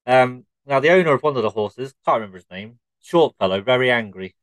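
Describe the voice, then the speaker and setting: A man co-hosting a comedy podcast, telling drawn-out joke stories in a deadpan way. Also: medium pitch, dry recording, poor audio. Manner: deadpan, drawn-out shaggy-dog storytelling. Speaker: podcast co-host.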